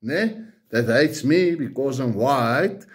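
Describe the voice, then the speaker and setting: A man's voice: medium pitch, expressive, slow. A man with an Afrikaans South African accent, ranting bluntly to camera and firing off repeated, profane rhetorical questions. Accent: South African, Afrikaans-speaking. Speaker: political commentator. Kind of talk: angry political rant to camera.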